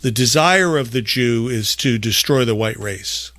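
A man hosting a podcast, talking in an emphatic, rambling way with big swings in loudness. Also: mid-range voice, unhurried, no echo. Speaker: podcast host. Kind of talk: casual podcast talk.

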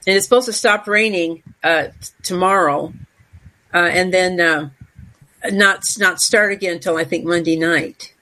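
A woman's voice: fairly low pitch, moderate pace, bright, forceful tone. A woman co-hosting a podcast chat, rambling along with plenty of fillers.

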